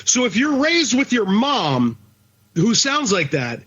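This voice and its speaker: A man's voice: high voice, wildly swooping pitch, slow, a bit bright, slightly rough. A man co-hosting a casual podcast, talking in a blunt, profane rant. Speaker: podcast co-host. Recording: dull lo-fi recording.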